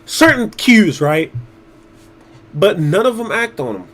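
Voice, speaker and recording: A man with a fairly high voice talks to his stream viewers in a loose, unscripted ramble. He is blunt and swears freely, often doubling back and restarting mid-thought. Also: sing-song, takes it slowly, fairly bright tone. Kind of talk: casual livestream chat.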